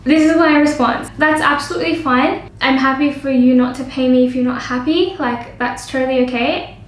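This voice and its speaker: A young woman vlogging as a makeup artist, telling a story in an animated way and acting out both sides with lots of "like". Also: sits high, normal speed, echoey room, rough recording. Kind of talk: storytime vlog.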